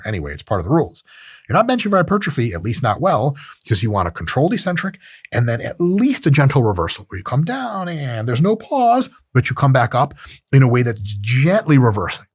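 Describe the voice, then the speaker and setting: A strength training coach with a husky, medium-pitched voice gives a casual lecture on lifting technique, recorded in clean studio sound with no room noise. He's profane, joking and animated, often acting out little scenes as asides.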